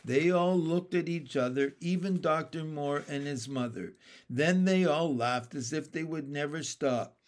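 A man narrating a children's chapter book aloud, reading slowly and expressively. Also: on the high side.

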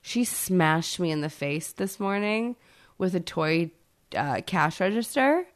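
A woman in her thirties co-hosting a podcast, chatting casually and bluntly with plenty of swearing, loud and emphatic when ranting. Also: lowish voice, expressive, slow pace. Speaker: podcast co-host. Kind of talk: casual chat.

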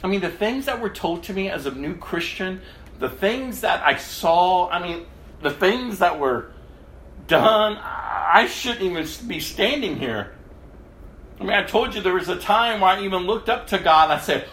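A man giving an emotional sermon testimony, moving from hushed quotes to loud outbursts. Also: sits high, very animated, moderate pace, echoey room. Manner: emotional, swings between hushed quoting and loud exclamation.

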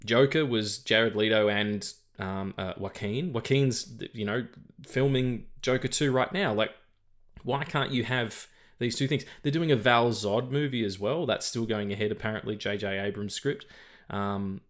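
A man's voice: on the low side, unhurried. An Australian man co-hosting a podcast in casual chat, rambling and swearing, often repeating words as he stumbles. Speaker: podcast co-host.

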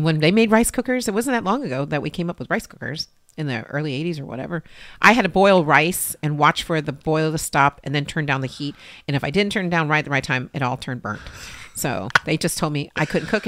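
Woman, middle-aged, guest, candid storytelling, rambling, gravelly, dry close sound. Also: low voice, animated, brisk, fairly bright tone, no echo. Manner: rambling, acts out quoted people in changed voices. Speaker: guest, mother of five.

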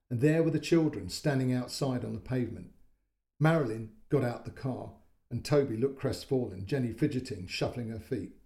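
Mellow-voiced male storyteller. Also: mid-range voice. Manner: calm and measured, with quoted lines voiced. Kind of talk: audiobook-style story narration.

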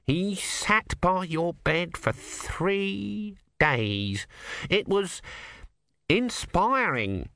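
A man's voice: sits high, expressive, very slow, sharp tone, no echo, studio quality, voice pushed up, exaggerated voice. A man voicing a fussy, anxious male temple official who talks with hesitant "mm" sounds. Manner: fussing, hesitant, with "mm" fillers.

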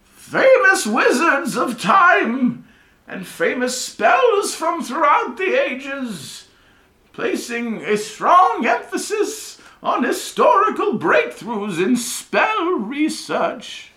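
A frantic old wizard professor who bellows his lecture in a high, strained voice, stretching every word and circling back to repeat himself. The room around him rings with a roomy echo. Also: wildly swooping pitch, exaggerated voice. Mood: manic, shouting. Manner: shouting, drawn-out, rambling, repeats himself. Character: wild-haired old male history-of-magic professor, manic.

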